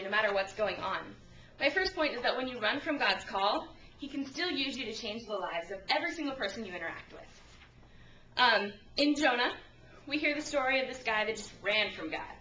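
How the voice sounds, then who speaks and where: A young woman delivers a casual sermon, retelling stories in a chatty, lively way and slipping into the voices of the people she quotes. Her voice is bright and sits a little high. It was caught by a camcorder some distance away, in a room with strong echo. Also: a little fast, lo-fi sound, a little hiss or hum. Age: young adult. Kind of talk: informal sermon with storytelling. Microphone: handheld camcorder at a distance. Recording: echoey room from a far camcorder.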